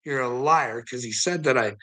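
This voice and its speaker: A man's voice: mid-range voice, normal speed, fairly bright tone, close to an everyday voice. A man putting on the voice of a defensive preacher, mocking him with exasperated, dismissive speech. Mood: angry.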